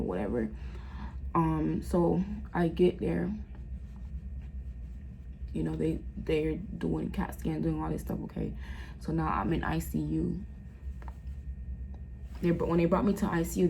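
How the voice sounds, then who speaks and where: A woman vlogger telling an emotional story time at home, halting and repeating herself as her voice rises and falls with feeling. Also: on the low side, vocal fry, mellow, slight background noise, low-quality recording.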